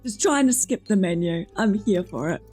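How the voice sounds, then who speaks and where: An Australian woman excitedly commentating a game playthrough, gushing and reading lines aloud. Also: medium pitch, moderate pace. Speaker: streamer. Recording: faint music in the background.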